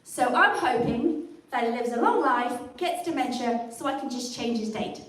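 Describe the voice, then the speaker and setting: A woman's voice: on the high side, normal speed, a bit bright. English woman doing wry stand-up, echoey. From England. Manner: wry, self-deprecating, chatty with the live stream audience. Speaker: stand-up comic. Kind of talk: stand-up comedy set. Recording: echoey room picked up from a distance.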